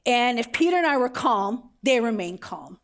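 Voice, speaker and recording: A woman's voice: fairly high pitch, big pitch swings, moderate pace. A middle-aged woman pastor delivers a sermon in a slightly raised voice. She tells the story vividly, mixing in everyday examples and rhetorical questions.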